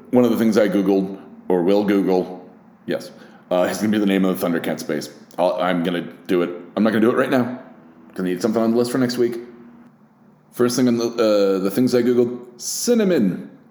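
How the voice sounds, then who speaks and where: A man hosting a casual solo podcast, talking in a rambling, profane, animated way with many fillers. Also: fairly low pitch, roomy sound. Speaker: podcast host.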